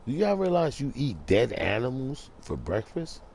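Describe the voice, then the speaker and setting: A man's voice: mid-range voice, wildly swooping pitch, normal speed, vocal fry, a little mellow, a little hiss or hum. A man hosting his own online radio show, talking in a rambling, slangy monologue and laughing at his own jokes. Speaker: internet radio show host. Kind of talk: casual monologue.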